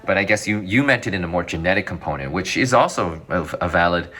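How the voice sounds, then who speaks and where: A man being interviewed as a physician guest, talking casually in quick, rambling answers that restart and self-correct. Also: sits low, expressive, sharp tone.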